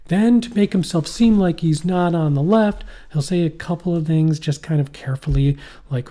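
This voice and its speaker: A man's voice: on the high side, normal speed, dark tone. A middle-aged man co-hosting a podcast in casual chat, rambling and profane, often trailing off and restarting. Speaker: podcast co-host. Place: poorly heated shack.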